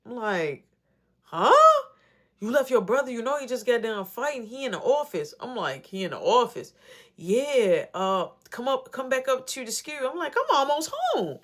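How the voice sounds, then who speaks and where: A woman's voice: a little high, animated, moderate pace. A woman telling a casual story, acting out both sides of the dialogue in a rambling, back-and-forth way. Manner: rambling retelling with many repeats of "I'm like".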